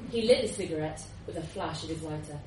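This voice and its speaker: A woman giving a lively, expressive live reading of a short story. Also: deep voice, fast talker, noisy background. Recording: roomy, distant live recording.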